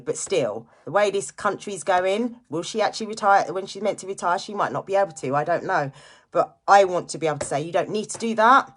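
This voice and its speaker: A middle-aged woman, a mother, speaking earnestly and from the heart on a live stream, growing impassioned at times. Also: on the low side. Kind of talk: emotional personal livestream talk.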